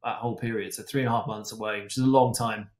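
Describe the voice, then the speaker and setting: A guest stunt and racing driver tells stories on a casual podcast, his talk full of restarts and fillers. He talks fast, with a lowish voice and a steady tone. The room is echoey, and there's slight background noise.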